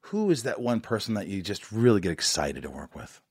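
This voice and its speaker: A man's voice: on the low side, sing-song, a little fast, slightly rough, dry recording, clean studio sound. A man hosting a podcast, asking questions in a casual, joking and teasing way. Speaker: podcast host. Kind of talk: casual interview chat.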